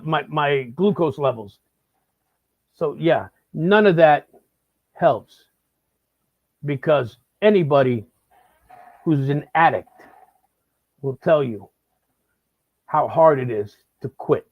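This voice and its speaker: A man with a medium-pitched voice hosts a comedic live-stream monologue, rambling and stammering with many repeated words. There's no echo, but the sound is slightly dull and lo-fi.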